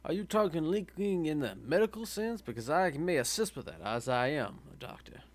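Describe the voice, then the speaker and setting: A man playing a dry-witted male doctor in a tabletop game, speaking in a formal, deadpan way. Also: on the high side, fairly quick, background noise, lightly acted. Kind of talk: tabletop role-play in character.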